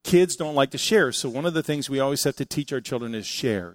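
A middle-aged man preaching a sermon, telling family stories in an animated way and acting out what people said. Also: mid-range voice, brisk, hardly any pauses, dry recording. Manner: animated storytelling, acting out quotes. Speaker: pastor.

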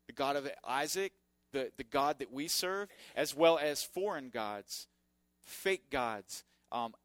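A man preaching a sermon as pastor, swinging between loud emphatic points and quiet asides. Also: a little high, dry recording.

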